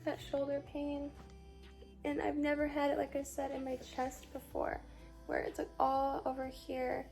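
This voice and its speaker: A young woman in her twenties with a high voice held in a narrow, flat range. She is tired and sore after surgery. She rambles and stops halfway through her thoughts while she vlogs into a phone at home, with faint music underneath. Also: creaky. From Chicago, USA. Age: 20s. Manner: rambling, halting, many fillers. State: weary and in pain after surgery. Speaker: vlogger. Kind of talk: casual recovery vlog.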